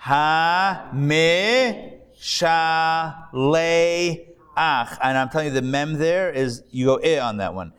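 Man, rabbi-teacher, live class; patient, repeats every word, relaxed asides. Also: mid-range voice, clean tone. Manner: patient, repeats words slowly, casual asides.

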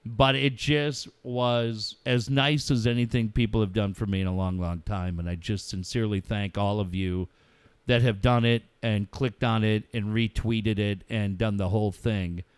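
A middle-aged man hosting a radio talk show, speaking about a personal loss in a heartfelt, halting way and swearing freely. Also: on the low side, fairly even intonation, clear, resonant tone, no echo. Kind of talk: emotional casual talk.

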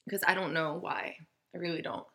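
A woman's voice: lowish voice, steady tone, moderate pace, sharp tone. A woman casually telling a story, acting out the quoted voices and swearing freely.

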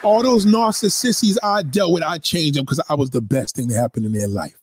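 A man voicing a brash, profane woman from New nearing sixty, who rants at the viewer in a loud, boastful, rambling comic monologue. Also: fairly high pitch, a little fast, a little hiss or hum, natural voice.

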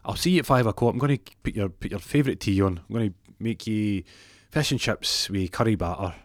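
A man doing a harried Scottish wife in a high, put-on falsetto-ish voice, curt and dismissive, short on patience. Dry close sound. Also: a little fast, no room sound, lightly acted. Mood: impatient. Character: harried, snappish young wife and mother.

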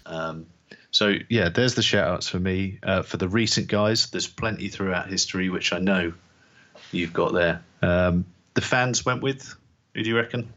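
A man's voice: deep voice, moderate pace, fairly bright tone, highs cut off. A man co-hosting a podcast in casual sports chat, teasing and laughing easily. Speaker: podcast co-host.

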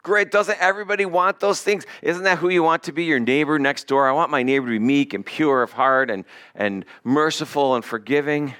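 A pastor preaching a sermon in a conversational, animated way, with asides to the congregation. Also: male voice, fairly high pitch, a little fast, hardly any pauses, smooth.

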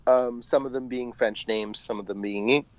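A man's voice: medium pitch, fairly even intonation, normal speed, no echo, dull audio. A man in his thirties from Canada, chatting as a podcast guest, laughing often and hesitating with lots of fillers and casual swearing. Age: 30s. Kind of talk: casual chat.

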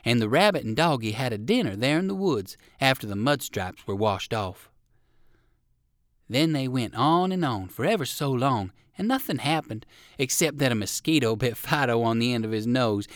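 A man reading a children's storybook aloud with warm, expressive storytelling. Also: medium pitch, normal speed, no echo, studio quality. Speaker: reader. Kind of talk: storybook narration.

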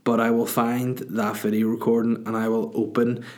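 A man's voice: mid-range voice, little pitch movement, moderate pace, a little mellow. A man hosting a podcast, answering listener questions in a rambling, crude, self-mocking way. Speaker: podcast host and comedian. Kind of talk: casual chat.

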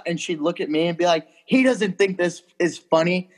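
A man's voice: a little high, normal speed. A young man telling a story in a casual chat, loose and rambling, full of fillers and swearing.

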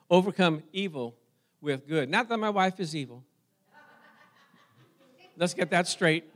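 High-voiced man preaching a story. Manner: storytelling, animated, talks to congregation. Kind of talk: sermon.

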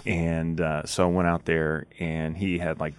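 Guy hosting a podcast, deep voice, dry sound, laughs a lot. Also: little pitch movement, unhurried, smooth, no echo. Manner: laughing storyteller, chatty. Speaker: podcast host. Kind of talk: casual chat.

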